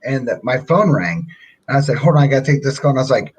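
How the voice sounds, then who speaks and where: A man's voice: medium pitch, quick pace, breathy edge, poor audio. A middle-aged man co-hosting a casual livestream chat, telling stories with lots of restarts. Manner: animated storyteller, frequent restarts. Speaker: livestream co-host. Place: away from home on a small setup.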